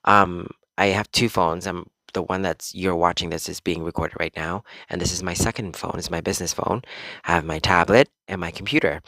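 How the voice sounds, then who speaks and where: A man's voice: low voice, fairly even intonation, brisk, bright, forceful tone, no room sound. A man hosting a podcast from home as a psychic medium, talking in a rambling, earnest motivational way with fillers and the odd swear word. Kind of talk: casual motivational monologue. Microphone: small podcast microphone.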